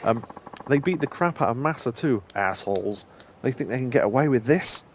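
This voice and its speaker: With faint game music behind him, a young man streams his playthrough, narrating the dialogue and tossing in rambling, amused asides. His medium-pitched voice is expressive and moderately paced, with a little hiss or hum on the recording.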